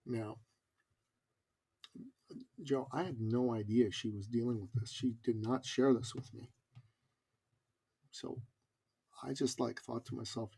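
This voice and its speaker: A man's voice: medium pitch, steady tone, slow pace, gravelly, pauses often, warm tone, slightly rough. A middle-aged man telling a personal story as a podcast guest, earnest and emphatic. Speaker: podcast guest, business coach.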